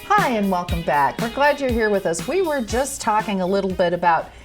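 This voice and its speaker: A woman's voice: medium pitch, very animated, a little fast, music in the background. Easygoing woman podcast co-host. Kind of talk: casual comedic chat.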